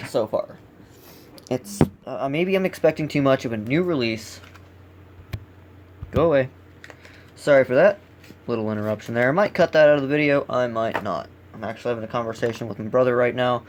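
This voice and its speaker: A man with a gravelly voice hosting a casual let's play, giving blunt, grumbling critique as he plays. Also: mid-range voice, darkish tone, a little hiss or hum. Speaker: gaming channel host.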